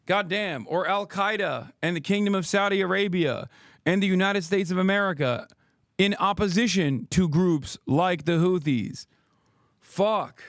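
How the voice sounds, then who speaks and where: In a man in his thirties's livestream, he delivers an angry, profane political rant packed with sarcastic rhetorical questions. His voice sits high at normal speed, captured in a clean, dry studio recording.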